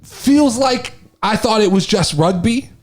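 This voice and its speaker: An excitable man co-hosts a casual sports podcast. His voice sits high and moves around a lot, and his storytelling has plenty of energy. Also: a little slow. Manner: excitable, animated storytelling with swearing. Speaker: podcast co-host.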